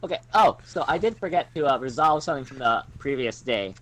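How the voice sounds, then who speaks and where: A man in a relaxed, chatty way running a tabletop game as game master, laughing easily. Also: mid-range voice, brisk.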